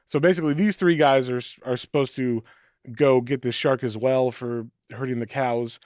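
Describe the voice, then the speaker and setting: A man's voice: mid-range voice, normal speed. A man chats as a podcast co-host and walks through a comic's story. He acts out the characters' lines as he goes. His voice sits in a middle register and the sound is dry, with no room echo. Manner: animated storytelling, acting out quotes. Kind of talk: casual chat recapping a comic.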